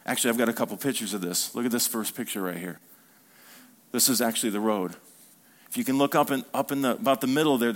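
A male pastor preaching an animated sermon to a congregation, acting out quoted dialogue and calling for responses. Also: mid-range voice.

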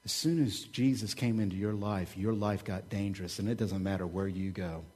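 A man from Oklahoma preaching a sermon as pastor, swinging from hushed asides to loud, joking, animated stretches. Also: on the low side, moderate pace.

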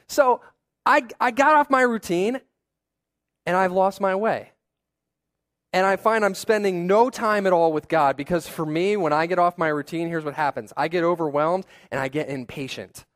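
A man's voice: sits high, moderate pace, fairly bright tone. Conversational man preaching a sermon. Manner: conversational, self-deprecating storytelling with asides. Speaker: pastor.

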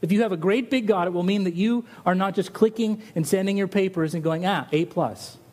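A middle-aged man preaching a sermon as pastor, animated and lively, his voice rising on rhetorical questions. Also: high voice, fast talker.

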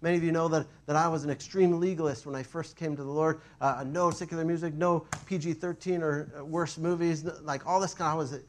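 A man preaching a sermon, telling stories in an animated, self-mocking way. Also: on the high side, fast talker, hardly any pauses.

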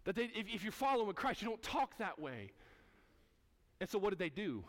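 A man's voice: high voice, sing-song, fairly quick. A man preaching as pastor, emphatic and repetitive, speaking directly to his congregation. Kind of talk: sermon.

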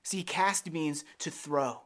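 A man's voice: fairly high pitch, takes it slowly, a bit bright. Earnest preaching man. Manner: earnest preaching, storytelling with quoted prayers. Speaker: pastor. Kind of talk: sermon.

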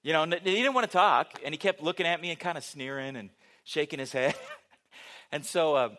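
A man's voice: on the high side, fairly quick, bright, forceful tone. A middle-aged man preaching a sermon, telling a story with humor and asking the audience questions.

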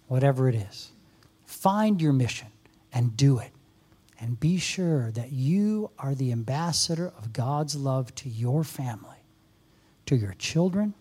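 A man's voice: mid-range voice, darkish tone, slightly rough. A man in his fifties giving an earnest sermon to a church congregation, exhorting the audience directly. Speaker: guest speaker. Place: church service with a live audience.

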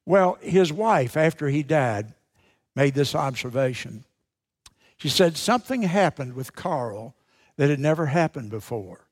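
A male pastor preaching a sermon with emphatic, dramatic pauses, repeating key phrases for effect. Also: on the high side, lively intonation.

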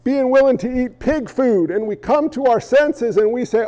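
High-voiced male pastor preaching. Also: moderate pace. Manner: animated, acts out quoted voices. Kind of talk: sermon. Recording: echoey hall, dull lo-fi sound.

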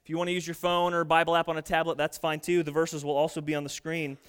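A pastor in his thirties delivers a sermon, weaving in homey stories about his family. His voice sits high for a man and rings smooth and clear. He talks in a relaxed, conversational way and pokes fun at himself. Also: fast. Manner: conversational, self-deprecating storytelling. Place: church stage.

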